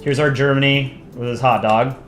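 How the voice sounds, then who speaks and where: A man's voice: medium pitch, steady tone, normal speed, echoey room, soft background music. A man casually chatting with his stream audience while drawing, thinking aloud and answering chat requests.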